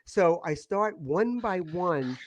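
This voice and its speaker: A middle-aged man telling a personal story in a casual podcast chat, emotional and halting, often repeating his words. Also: high voice, expressive, no echo. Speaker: guest.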